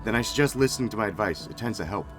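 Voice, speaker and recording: A pompous middle-aged noble father, smooth and condescending, with a low voice, put on by a man narrating a game. Faint music plays behind him. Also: lively intonation, very fast, lightly acted. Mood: smug.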